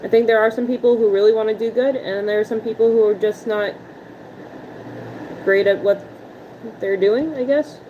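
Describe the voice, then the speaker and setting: A woman's voice: on the high side, moderate pace, pauses often, warm tone, muffled recording, slight background noise. A woman hosting a livestream in casual chat, responding to viewer messages aloud in a playful manner and laughing often.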